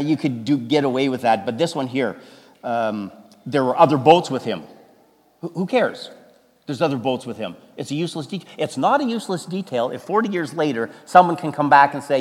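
A man preaching a sermon as a pastor, animated and emphatic, stumbling into restarts and breaking into sudden loud exclamations. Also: mid-range voice. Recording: long reverb of a large hall.

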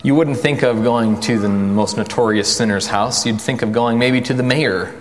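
Man preaching in an echoey hall. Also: mid-range voice. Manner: conversational, rhetorical questions, dramatic slow emphasis. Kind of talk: sermon.

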